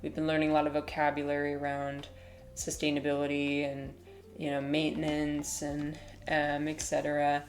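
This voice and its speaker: A woman livestreaming in casual chat, rambling and hesitant with many fillers and restarts, now and then cooing softly to her cat. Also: deep voice, monotone, normal speed, faint music behind. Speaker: livestreamer and teacher.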